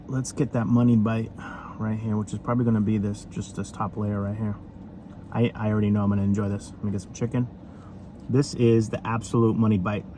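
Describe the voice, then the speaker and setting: Dude rambling through a fast food review in his car, faint road noise behind. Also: fairly low pitch. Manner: chatty, rambling, with many fillers. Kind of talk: casual food review vlog.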